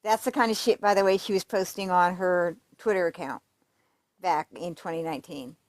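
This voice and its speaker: A woman's voice: fairly low pitch, fairly even intonation, moderate pace, dry recording, clean studio sound. Woman reading letters in casual commentary. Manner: conversational, fillers and restarts, emphatic asides. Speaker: true crime commentator.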